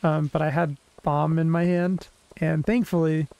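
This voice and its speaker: Gravelly-voiced man chatting over a game. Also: on the high side, little pitch movement, unhurried, darkish tone, no echo, poor audio. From Oregon, USA. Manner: chatty, rambling with fillers. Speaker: co-host and gamer. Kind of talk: casual chat while playing.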